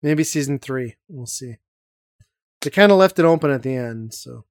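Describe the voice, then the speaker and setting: A man's voice: mid-range voice, lively intonation, normal speed, no echo, studio quality. A man hosting a casual podcast chat, talking enthusiastically and rambling with lots of fillers. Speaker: podcast host.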